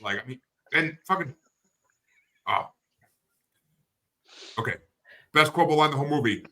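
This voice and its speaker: A man with a bright, forceful, fairly high voice chats loosely about a movie. He swears constantly and keeps laughing as he retells his favourite scenes. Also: expressive, moderate pace. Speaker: podcast guest. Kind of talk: casual chat.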